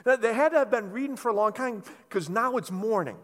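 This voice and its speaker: Animated, high-voiced male preacher. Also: a little fast. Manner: animated storytelling, conversational. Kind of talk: sermon. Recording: reverberant hall.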